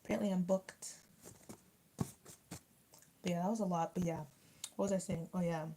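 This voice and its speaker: A woman's voice: on the low side, fairly even intonation, moderate pace, dark tone, a little hiss or hum, rough recording. A young woman in casual livestream chat, rambling with lots of fillers as she answers comments while eating. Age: young adult. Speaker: YouTuber reading live chat.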